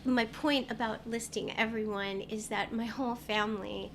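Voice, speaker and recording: A woman's voice: on the high side, steady tone, normal speed, a crowd in the background. A woman voice actress chatting as an interview guest, telling stories with lots of ums. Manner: chatty, warm storytelling with many fillers. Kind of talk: casual interview chat. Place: convention venue.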